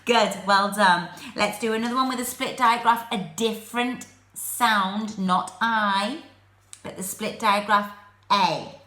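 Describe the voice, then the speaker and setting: A woman teaching phonics to young children, sounding out letters slowly and clearly, with an English accent. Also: medium pitch, steady tone, bright, forceful tone, roomy sound.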